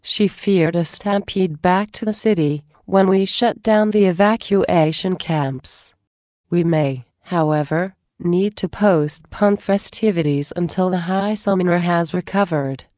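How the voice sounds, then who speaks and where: Commanding female guard captain, crisp orders, read by a woman, low and measured. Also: a little mellow, no echo, clean studio sound, lightly acted. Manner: crisp, authoritative.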